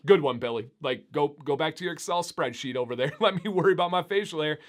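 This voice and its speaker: A man chatting upbeat and animated to his viewers in a casual vlog. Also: fairly high pitch, fast. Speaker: beard YouTuber. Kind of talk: casual vlog talk to camera.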